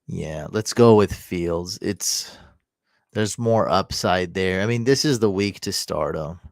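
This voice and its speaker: A man hosting a live fantasy football stream, casually answering viewer comments and often breaking into excited, loud cheering. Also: deep voice, no room sound, studio quality. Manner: answers chat comments quickly. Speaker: fantasy football livestream host.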